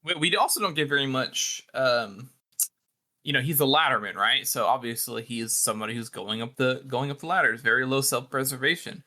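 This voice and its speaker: Male co-host, bright tone, rambling casual podcast chatter with frequent fillers. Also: mid-range voice, brisk. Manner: rambling, many fillers and restarts. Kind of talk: casual book discussion.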